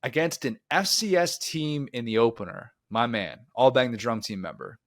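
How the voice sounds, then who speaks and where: A man's voice: medium pitch, expressive, moderate pace, no room sound. Man talking sports on a dry mic. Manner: rambling, talks himself into tangents. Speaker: co-host. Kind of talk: casual sports podcast chat.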